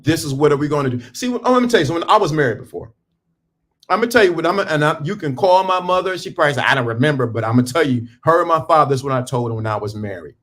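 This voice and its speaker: A middle-aged man giving a preachy, emphatic talk to viewers on a livestream, breaking off and restarting while he dresses. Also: fairly high pitch. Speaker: livestream host. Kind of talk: casual motivational livestream talk. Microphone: phone or camera on a stand.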